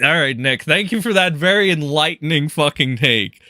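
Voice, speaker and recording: A man's voice: fairly high pitch, animated, normal speed, sharp tone, no room sound, clean studio sound. A man doing profane live-stream commentary, mocking and crude, swearing and laughing often.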